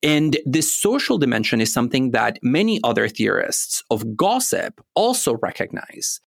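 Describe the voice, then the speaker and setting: A man co-hosting a casual scholarly discussion, explaining ideas in a measured way with touches of light humor. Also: mid-range voice, big pitch swings, gravelly, dry recording, studio quality. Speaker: podcast co-host.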